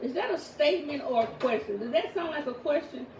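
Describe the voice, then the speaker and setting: A woman in her thirties teaching her children at home, firm and deliberate, reading sentences aloud slowly. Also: high-pitched, lively intonation, crowd noise. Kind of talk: classroom instruction. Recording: echoey room, mic far off, background noise.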